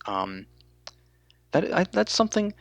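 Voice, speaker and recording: A man appearing as a guest on a casual podcast chat, talking in a halting, hesitant way with many restarts. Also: high-pitched, sing-song, vocal fry, a bit bright, dry recording, poor audio.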